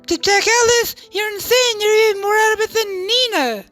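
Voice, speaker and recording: A woman's voice: very high-pitched, moderate pace, fairly bright tone, dry recording, faint music behind, pitched above the performer's own voice. A woman voicing an obsessive, lovestruck young woman with a machete, who stammers and pleads breathlessly. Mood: panicked.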